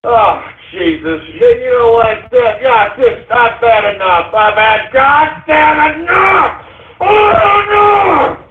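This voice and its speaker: A man hosting a call-in radio show who rants, shouts and curses in exasperation at his callers. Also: very high-pitched, breathy edge, phone-quality sound. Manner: exasperated ranting, shouting and cursing.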